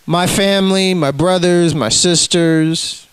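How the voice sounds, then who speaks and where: A man with a high-pitched voice rants, cursing freely and calling people out. His sound is dry and close, with no room behind it. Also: takes it slowly, clean tone, dry recording, rough recording. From United States. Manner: ranting, profane, confrontational. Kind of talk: profane rant to camera.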